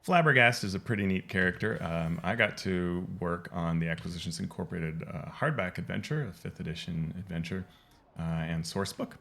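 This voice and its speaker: Brief: a man with a deep, gravelly voice giving casual, meandering gameplay commentary at the desk mic. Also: normal speed, fairly bright tone. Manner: rambling, full of ums and restarts, explanatory. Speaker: game lore video host.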